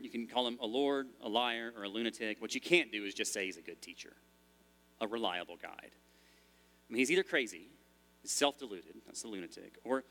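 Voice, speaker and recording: A man's voice: medium pitch, sharp tone. A man preaching a sermon in a church as pastor, in a conversational style with frequent restarts.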